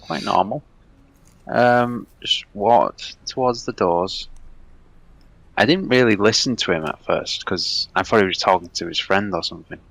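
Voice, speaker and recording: A young man chats on a podcast, his pitch swinging up and down as he acts out the people in his stories. His voice is bright and lively, and it sounds close and dry. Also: unhurried, gravelly, dry recording. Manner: animated storyteller, acts out quotes. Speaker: podcast host. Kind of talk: casual chat.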